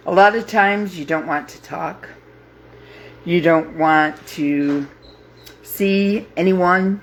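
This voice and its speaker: A woman in her fifties hosting a grief support group, talking live to viewers in a halting, heartfelt way with many pauses and fillers. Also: on the low side, slight background noise. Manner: heartfelt, openly emotional. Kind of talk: live casual talk to viewers.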